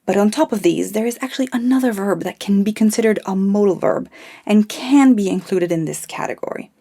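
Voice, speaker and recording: A woman teaching a language lesson, explaining grammar calmly and modelling example phrases clearly. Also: medium pitch, brisk. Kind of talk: scripted lesson narration.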